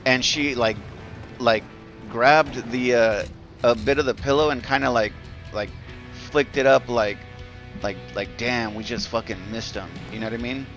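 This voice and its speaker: A man's voice: mid-range voice, unhurried, fairly bright tone, highs cut off, soft background music. Rambling, profane male game streamer. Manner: rambling, profane, many fillers and restarts. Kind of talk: casual storytelling while live-streaming a game.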